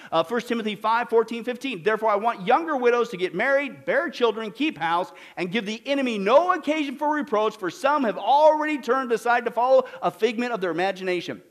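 A man preaching a sermon, reading verses and putting emphatic questions to the congregation. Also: extremely high pitch. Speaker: pastor.

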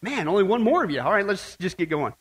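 A man with a high voice preaches a sermon. He reads scripture aloud and puts questions to his listeners. He mixes jokes and emphatic asides into his preaching. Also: big pitch swings, fast talker, breathy edge. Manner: emphatic, joking, asks questions of the audience. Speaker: pastor.

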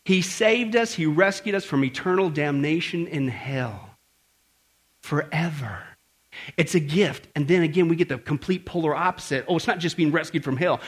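Lively, high-voiced preaching man. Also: a little fast, husky. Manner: animated, conversational, full of rhetorical questions. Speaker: pastor. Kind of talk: sermon. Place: church service before a congregation.

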